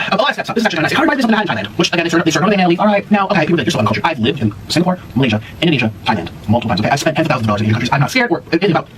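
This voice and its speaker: Dramatic, jokey male food vlogger, lively swooping delivery, recorded off-mic. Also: fairly high pitch, very fast, few pauses. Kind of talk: casual food tasting chat. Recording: distant mic with clear background noise.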